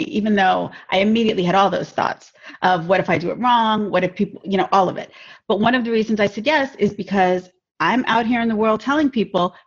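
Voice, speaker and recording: Husky-voiced woman podcast guest. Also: medium pitch, lo-fi sound. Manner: measured, reflective. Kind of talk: casual podcast conversation.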